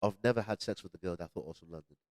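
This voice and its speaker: A man's voice: sits low, racing, a little mellow, no room sound. A man hosting a podcast in casual chat, who keeps slipping into put-on Jamaican and London slang and laughs often. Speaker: podcast host.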